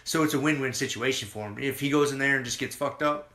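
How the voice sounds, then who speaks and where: A man co-hosting a podcast, chatting casually and rambling excitedly with lots of swearing. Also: medium pitch, fast talker, roomy sound. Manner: rambling, profane, excited about fights. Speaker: podcast co-host. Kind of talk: casual chat.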